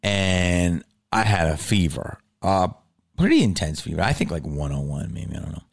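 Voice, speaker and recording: A man telling a story in a casual, animated way, with frequent swearing and filler words. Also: sits low, normal speed, creaky.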